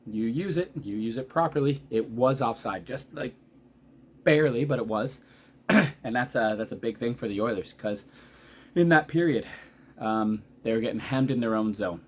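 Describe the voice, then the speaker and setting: A man in his thirties giving a casual, excitable recap of a hockey game as a vlogger, chatty and often losing his thread. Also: mid-range voice, a little hiss or hum. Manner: excitable, chatty, loses track mid-sentence.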